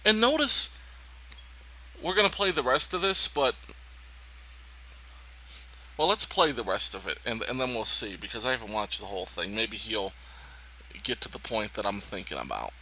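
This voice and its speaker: A man giving indignant, emphatic political reaction commentary on a video clip, pausing to talk over it. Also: lowish voice, very animated, sharp tone, poor audio.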